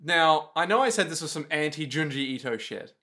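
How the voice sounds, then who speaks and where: Excitable man with a lively voice. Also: fairly high pitch, fairly quick. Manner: excitable, gasps and jumps into goofy voices. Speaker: podcast co-host. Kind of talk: casual anime recap chat.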